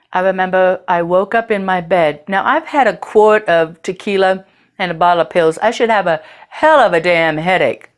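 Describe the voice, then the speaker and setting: A woman host telling a personal story in a candid, earthy way, with casual swearing. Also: on the low side.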